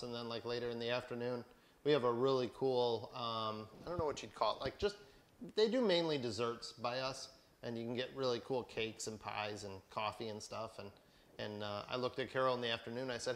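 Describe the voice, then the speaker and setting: A man's voice: medium pitch, a bit bright, a little hiss or hum. A middle-aged man co-hosting a casual craft livestream, teasing his wife and reading viewer comments aloud. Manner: teasing, laughing storyteller.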